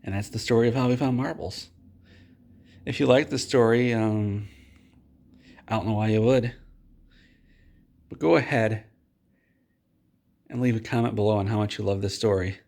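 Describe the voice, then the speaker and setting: A man telling an absurd tall tale to his viewers, deadpan and rambling with restarts. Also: on the low side, moderate pace, creaky, long pauses. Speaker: video host.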